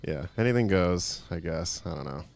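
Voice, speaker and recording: Low-voiced, soft-spoken man commentating pool. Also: animated, normal speed, gravelly. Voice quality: fake accent put on at times. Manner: rambling, self-mocking, awkward. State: tired after a long day. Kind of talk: solo late-night commentary.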